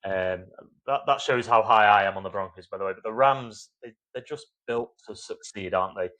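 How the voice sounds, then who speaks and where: A man's voice: fairly low pitch, brisk, fairly bright tone. A man hosting a football podcast over a video call, upbeat and easygoing. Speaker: podcast host. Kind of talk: casual sports chat.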